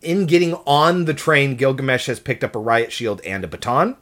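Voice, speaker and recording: A podcast co-host talking in a measured, explanatory way during a casual film discussion. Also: medium pitch, fairly bright tone.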